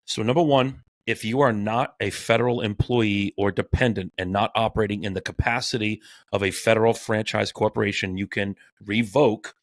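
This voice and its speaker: A man with a lowish voice co-hosts a casual podcast, reading passages aloud and riffing on them. He talks in an animated, profane way and trips over his words now and then. The sound is dry and close, with no room around it. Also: a little fast, few pauses, dry recording. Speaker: podcast co-host.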